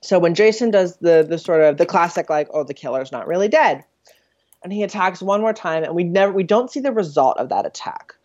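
Woman podcast co-host, animated and analytical, lo-fi recording. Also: lowish voice, brisk, few pauses. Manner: lively, analytical, summarizes plot. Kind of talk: casual film discussion. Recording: dull lo-fi audio.

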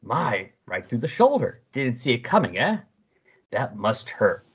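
A man voicing a smug, cruel male demon overlord who speaks slowly and mockingly. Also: mid-range voice, sing-song, husky, heavily acted. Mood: gloating. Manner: slow, mocking, falsely sorrowful. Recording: dull lo-fi recording.

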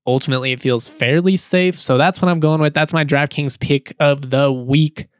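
A man hosts a sports podcast, chatting loosely with fillers and the odd chuckle. His voice sits a bit high, and the sound is dry and close, with no room around it. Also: fairly even intonation, normal speed, clear, resonant tone, no room sound. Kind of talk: casual podcast talk and read ad.

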